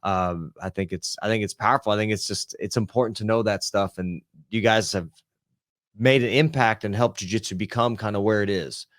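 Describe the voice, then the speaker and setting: A man's voice: lowish voice, no room sound, clean studio sound. A man co-hosting a podcast in a casual, friendly way, often restarting his sentences. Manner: friendly, rambling, halting restarts. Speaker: podcast co-host. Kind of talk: casual chat.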